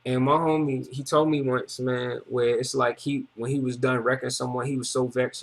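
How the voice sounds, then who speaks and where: A man's voice: medium pitch, slightly rough. A man giving a rambling, emotional personal testimony in repetitive, slangy street talk. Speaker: testimony speaker.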